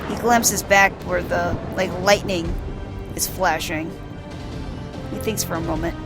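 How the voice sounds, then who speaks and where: A woman's voice: on the low side, fairly even intonation, unhurried, music in the background. A woman casually narrating a video game playthrough, describing the screen aloud and swearing now and then. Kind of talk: casual let's-play narration for blind listeners.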